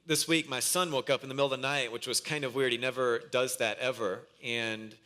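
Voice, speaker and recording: A man's voice: mid-range voice, steady tone, brisk, pushed and bright. A man in his thirties, a pastor preaching a sermon, earnest and mixing in a humorous family story.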